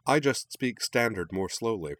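A man voicing a wry teenage girl student in a storybook reading, speaking a bit higher than his own voice. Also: lively intonation, moderate pace, fairly bright tone, no room sound.

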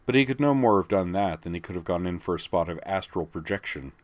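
A man narrating an audiobook in a measured, even storytelling manner. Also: deep voice.

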